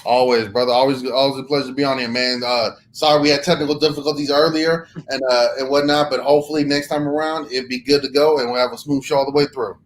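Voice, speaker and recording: A man talking casually as a guest on a sports talk show, joking in a relaxed way and often repeating himself. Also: mid-range voice, fast talker, hardly any pauses, low-quality recording. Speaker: guest co-host. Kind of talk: casual chat.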